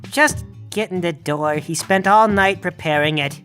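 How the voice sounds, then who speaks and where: A man's voice: high voice, a little slow, a bit bright, faint music behind. A man voicing a grumpy, defensive male Krampus demon who is a tired father, in a tabletop game. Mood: grumbling. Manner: defensive and grumbling.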